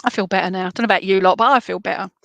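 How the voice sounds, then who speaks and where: A woman's voice: mid-range voice, fairly even intonation, rapid-fire, gravelly, fairly bright tone, dry recording. A woman giving chatty, reassuring psychic readings on a live stream, full of fillers. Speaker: psychic reader.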